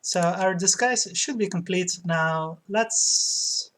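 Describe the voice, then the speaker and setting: A woman comments on a retro game while she plays, in a fairly low voice. She speaks slowly and loosely, with frequent fillers and small laughs. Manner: slow, relaxed, with frequent fillers and light laughs. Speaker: game streamer. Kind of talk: let's play commentary.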